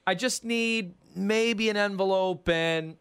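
A man's voice: sits high, slow, fairly bright tone, clear, resonant tone, pitched above the performer's own voice, heavily acted. Man putting on a sly neighborhood extortionist. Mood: insistent. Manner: falsely friendly, then menacing. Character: smooth-talking male neighborhood extortionist.

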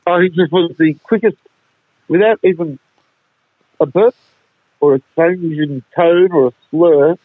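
A man's voice: on the high side, dry recording. A man telling jokes and stories in radio banter, heard over a phone line. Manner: joking, drawn-out storytelling. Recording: tinny dry phone line.

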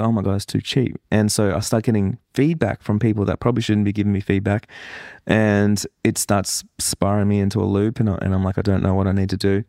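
A man hosting a solo podcast, talking candidly and rambling a little as he reflects out loud. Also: fairly low pitch, no room sound, studio quality. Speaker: podcast host. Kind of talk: casual solo podcast monologue.

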